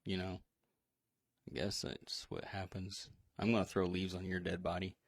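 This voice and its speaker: A man's voice: low-pitched, level tone, moderate pace, vocal fry, no echo, studio quality. A man co-hosting a casual horror movie discussion stream, rambling through plot recaps with fillers and laughs. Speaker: podcast co-host.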